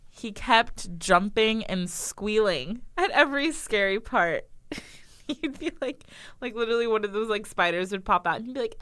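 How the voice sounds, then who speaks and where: A young woman co-hosts a podcast, chatting casually and telling stories, laughing often and acting out quotes. Her mid-range voice is a bit bright, with lively intonation and a moderate pace, and there's no room sound.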